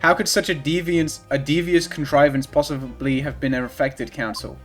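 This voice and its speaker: A man's voice: a little high, fairly even intonation, moderate pace, a bit bright, faint music behind, close to an everyday voice. A man reading aloud the lines of a haughty aristocratic lord prosecutor in a formal, lofty manner.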